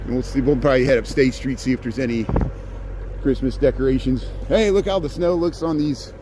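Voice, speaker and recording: A man's voice: mid-range voice, fairly quick, warm tone, slight background noise. A man hosting a live stream as he walks a snowy city sidewalk, chatting with viewers and rambling through joking, sarcastic asides. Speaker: livestreaming street-walk host.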